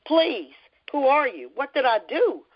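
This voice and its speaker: A woman's voice: on the low side, lively intonation, unhurried, highs cut off. A woman voicing a frightened young captive woman, pleading, in a book reading.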